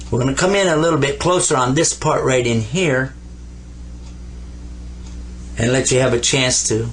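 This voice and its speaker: A man's voice: mid-range voice, slight background noise. An older man teaching Arabic letters at a board, playful and drawing out each sound for the learner to repeat. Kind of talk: whiteboard lesson.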